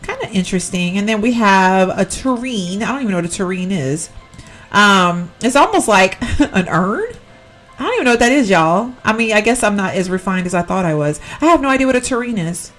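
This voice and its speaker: A woman chats through a game decorating session, her voice bouncing up and down in pitch as she rambles and corrects herself. Faint music plays under her commentary. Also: lively intonation, brisk, fairly bright tone. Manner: chatty, rambling, self-correcting, giggly. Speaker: Sims gameplay YouTuber. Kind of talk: casual gameplay commentary.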